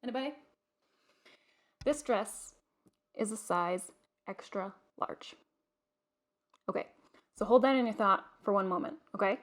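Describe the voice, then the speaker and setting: A woman's voice: mid-range voice, unhurried, pauses often, a bit bright. A young adult woman hosting her own vlog, chatting casually to camera with lots of fillers and restarts. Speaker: vlog host.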